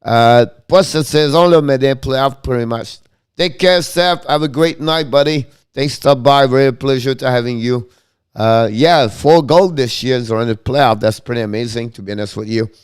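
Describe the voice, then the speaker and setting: Male stream host, smooth resonant voice, halting and full of fillers. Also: medium pitch. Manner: halting, many fillers, thanks viewers by name. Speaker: hockey live stream host. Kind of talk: casual live stream chat with viewers.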